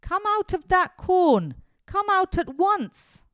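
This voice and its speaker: Woman doing a furious yelling farmer. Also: sits high, huge pitch swings, no echo, studio quality, heavily acted. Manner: yelling, slow and loud. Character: angry shouting male farmer, gruff.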